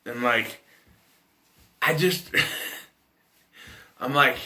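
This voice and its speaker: A man's voice: mid-range voice, lively intonation, normal speed, sharp tone. A man in his thirties giving a casual, rambling film review, swearing freely and restarting his sentences often. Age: 30s. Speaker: movie reviewer.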